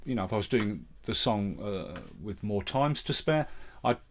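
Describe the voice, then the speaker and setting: A man's voice: on the low side, animated, moderate pace. Midlands man walking through a music tutorial. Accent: English Midlands. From English Midlands. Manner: step-by-step, matter-of-fact talk-through. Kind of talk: screen-recorded software tutorial. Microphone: vocal mic set up close and loud.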